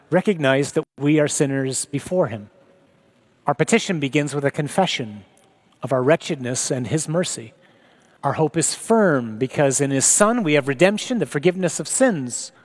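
Brief: male priest, slightly higher voice, earnest, reflective homily delivery. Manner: earnest, reflective, reads scripture aloud. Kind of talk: sermon.

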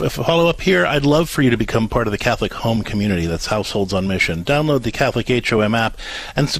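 A man's voice: mid-range voice, a bit bright, slightly rough, no echo. A man co-hosting a call-in radio show, earnestly coaching a parent step by step and acting out what to say.

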